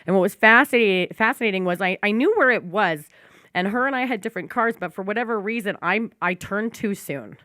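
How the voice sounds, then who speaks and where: A woman's voice: mid-range voice, brisk, no echo, clean studio sound. Teary woman host, heartfelt storytelling. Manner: heartfelt, animated, casually profane. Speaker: podcast host. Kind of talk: emotional personal storytelling.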